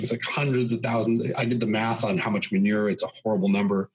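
Fast and steady in tone, a low, slightly rough male voice tells sprawling stories dense with examples while guesting on a conversational podcast. The audio quality is poor.

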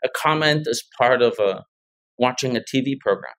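Middle-aged man, mid-pitched, loose rambling storyteller on a podcast. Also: moderate pace, fairly bright tone. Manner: rambling storyteller, many restarts and laughs. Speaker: guest, tech founder. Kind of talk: casual interview chat.

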